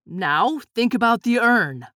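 A woman's voice: fairly high pitch, animated, takes it slowly, fairly bright tone, no room sound, clean studio sound. A woman voicing a cold, scheming male villain in a storybook reading, speaking with a sneer. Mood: menacing. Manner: sneering, menacing.

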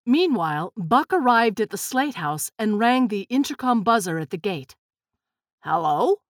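A woman narrating a storybook in a measured, expressive reading. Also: fairly high pitch, no echo, clean studio sound.

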